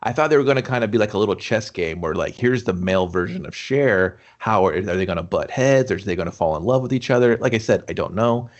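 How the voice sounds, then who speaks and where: A man's voice: on the low side, expressive, fast, few pauses, lo-fi sound. A man co-hosting a movie review podcast in casual chat, rambling through scenes and laughing often.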